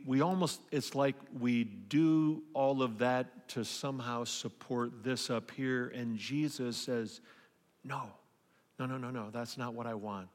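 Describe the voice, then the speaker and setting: A man preaching a sermon in a relaxed, conversational way, often restarting his phrases as he goes. His voice sits at an ordinary middle pitch. The sound rings out with the long reverb of a large hall. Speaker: pastor.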